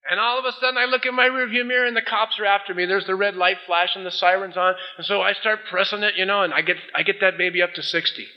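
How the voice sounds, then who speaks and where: A pastor with a high voice preaches a sermon at a quick pace, barely pausing. He tells an energetic story, acting out both the judge and the defendant in a courtroom scene. The recording has a dull, lo-fi sound.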